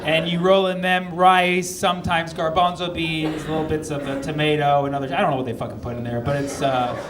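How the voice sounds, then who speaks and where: Working the crowd in a roomy comedy club, a brisk male comedian delivers profane, brash material in a fairly high voice with fairly even intonation. Audience laughter and crowd noise fill the background.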